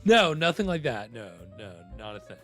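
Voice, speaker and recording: A man's voice: a little high, very animated, moderate pace, bright, forceful tone, soft background music. A man hosting a livestream, chatting casually and rambling with lots of fillers. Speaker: livestream host. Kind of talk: casual chat.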